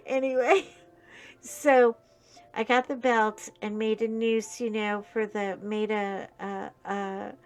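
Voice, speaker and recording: A woman chatting casually while she crafts, telling a long story in a rambling, animated way, full of fillers and restarts. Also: a little high, takes it slowly. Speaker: crafting channel host.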